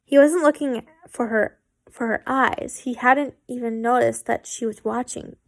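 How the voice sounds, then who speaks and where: A woman's voice: on the high side, fairly even intonation, a little slow, gravelly. A woman reading fan fiction aloud, stumbling and correcting herself, with chatty asides.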